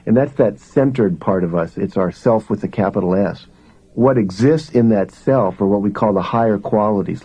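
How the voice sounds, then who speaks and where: A man's voice: fairly low pitch, dark tone, lo-fi sound. A man giving a live self-help seminar to a room full of people, talking conversationally and asking the audience questions. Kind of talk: live motivational seminar talk.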